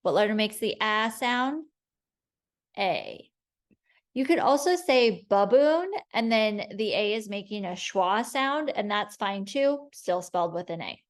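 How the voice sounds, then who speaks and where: Slow, patient woman phonics teacher. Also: medium pitch, animated. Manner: slow, clear, patient sounding-out of words. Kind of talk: phonics spelling lesson.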